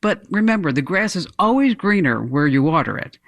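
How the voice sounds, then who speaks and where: A woman's voice: on the low side, big pitch swings, fairly quick. A woman radio host reading an ad in a chatty, playful way and interviewing a guest. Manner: chatty, playful, acts out little voices. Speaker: radio talk show host.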